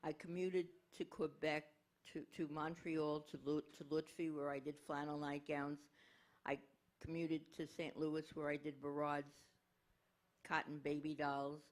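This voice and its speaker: A woman's voice: sits low, flat delivery, unhurried. Frank woman in her eighties, wry. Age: 80s. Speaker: panel guest. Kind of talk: reflective panel talk.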